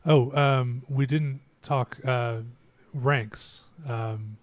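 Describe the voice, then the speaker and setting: A man's voice: mid-range voice, fairly even intonation, drawn-out words, no echo. Man, game master, casual, hesitant, plain voice. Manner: hesitant, many fillers. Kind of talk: casual game session chat.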